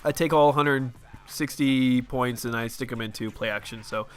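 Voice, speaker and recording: A young Southern California man hosts a football video game channel, rambling chattily and quick to vent about his team as he plays. His medium-pitched voice is clear and resonant, with faint music behind.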